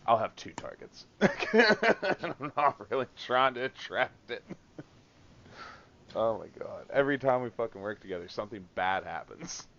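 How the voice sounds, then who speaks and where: A man's voice: mid-range voice, sing-song, unhurried, fairly bright tone, lo-fi sound, slight background noise. A man co-hosting a casual podcast, venting about work with lots of swearing and laughter. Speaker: podcast co-host. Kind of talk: casual chat.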